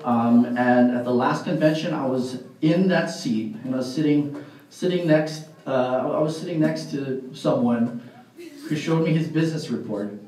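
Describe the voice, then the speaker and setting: A man's voice: medium pitch, normal speed. A man giving a live motivational speech at a party, telling stories with lots of fillers and frequent laughs. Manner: animated storyteller, laughs often, many fillers. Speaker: motivational speaker at a sales party. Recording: very echoey hall, far from mic.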